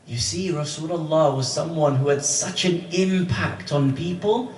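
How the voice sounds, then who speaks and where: A man lecturing to a gathering, building his story with rhetorical questions and pauses. His voice sits a little high. The room is echoey and he sounds set back from the mic, with faint ambience behind. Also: darkish tone, far from the mic, slight background noise. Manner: rhetorical questions, dramatic pauses, acted quotes. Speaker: religious lecturer. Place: lecture hall.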